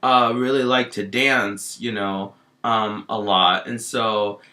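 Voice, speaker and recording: A man tells an in-character story in a loose, rambling monologue. He fills almost every pause with "you know" and restarts his sentences often. His voice has a bright, somewhat tense edge. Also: on the low side, fairly even intonation. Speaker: vlogger.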